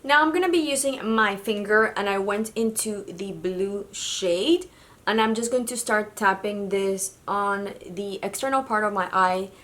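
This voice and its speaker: A woman from Mexico talks through her makeup routine as a beauty vlogger. She speaks in a mid-range voice, casual and chatty, with little hesitations. She sounds friendly and unhurried. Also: medium pitch, a bit bright. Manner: chatty and casual, with fillers like "kind of like". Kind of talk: makeup tutorial narration.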